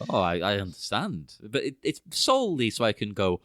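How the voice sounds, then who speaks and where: A man's voice: lowish voice, wildly swooping pitch, normal speed, fairly bright tone, dry recording. A man co-hosting a casual podcast chat, wry and understated. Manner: dry, wry, understated humor. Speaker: podcast co-host.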